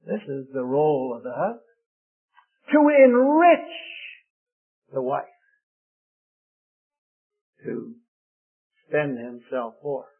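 A man's voice: on the high side, husky. An older man preaching a sermon, telling homely stories about his marriage in a folksy way and acting out the voices of the people he quotes. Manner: folksy storytelling, quotes others in lively voices. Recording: phone-like narrow sound.

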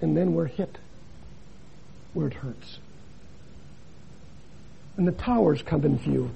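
An older man, a missionary preacher, giving a dramatic sermon that swings between loud emphasis and hushed drops. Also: on the high side, takes it slowly, vocal fry, a little hiss or hum, low-quality recording.

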